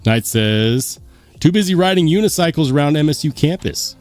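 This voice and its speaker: Lively, chatty man hosting a livestream. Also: fairly high pitch, normal speed, faint music behind. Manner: lively, chatty, muses aloud. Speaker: host. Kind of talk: casual livestream chat reading comments.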